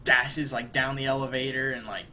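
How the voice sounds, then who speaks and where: A man's voice: mid-range voice, normal speed, slight background noise. Rambling young man retelling a cartoon. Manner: rambling, acts out quoted lines with animated bursts. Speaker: podcast co-host. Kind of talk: casual chat, retelling an episode.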